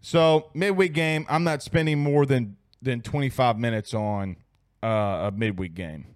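A man's voice: medium pitch, measured pace, dry recording, studio quality. A young man hosting a late-night sports talk stream, reading viewer comments in a laid-back, slangy way and repeating his phrases. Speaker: sports show host. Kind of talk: casual live-stream chat reading comments. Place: at home at night.

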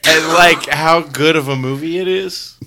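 A man's voice: fairly high pitch, measured pace, shouting, very noisy. A man co-hosting a casual podcast, cutting in with jokes and crude wisecracks. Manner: joking interruptions, crude wisecracks. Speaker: podcast co-host.

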